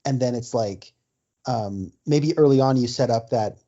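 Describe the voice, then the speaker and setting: A man's voice: medium pitch, measured pace, dark tone. A man co-hosting a casual podcast, hesitant and thinking aloud, full of fillers. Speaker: podcast co-host. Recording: dull lo-fi audio.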